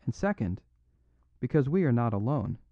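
A man's voice: medium pitch, big pitch swings, normal speed, no echo. A man reads a humble little priest who speaks simply and apologetically, his voice rising and falling freely. The recording is dry and a little dull, with no room sound. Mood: mild apologetic. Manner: simple, unaffected, gently apologetic. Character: mild, modest little English priest, apologetic.

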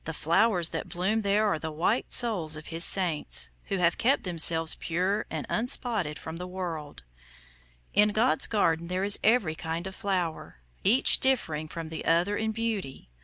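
A woman reading an audiobook introduction in calm, reverent narration. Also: lowish voice, measured pace, no room sound. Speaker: audiobook reader. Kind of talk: scripted narration.

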